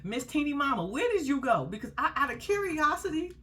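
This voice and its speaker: A woman's voice: high-pitched, big pitch swings, fairly quick, a bit bright. A woman giving casual, blunt, profane commentary on a reality show, laughing often as she tells the story. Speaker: reality TV recap host.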